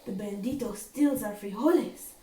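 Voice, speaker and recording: A woman voicing a small excitable male chihuahua in a storybook, chatty and sing-song. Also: medium pitch, normal speed, a little hiss or hum, close to an everyday voice. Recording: echoey home room.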